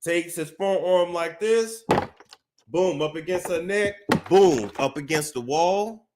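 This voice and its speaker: A man hosting a celebrity gossip show, telling a story with dramatic pauses, restarts. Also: a little high, background noise. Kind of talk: casual gossip commentary.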